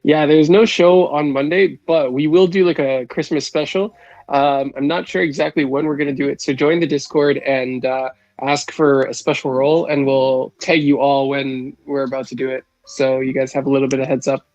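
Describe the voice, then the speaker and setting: A man hosting a casual live stock chat, with a nasal voice, laughing often and asking quick questions. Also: medium pitch, fairly even intonation, darkish tone, no room sound, highs cut off. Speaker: host.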